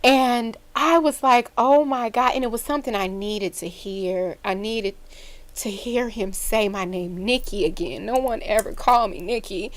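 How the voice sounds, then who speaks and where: A woman with a young son, co-hosting a podcast and telling an emotional personal story in casual chat, her voice climbing high when she gets excited. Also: normal speed. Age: adult with a young son. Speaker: podcast co-host.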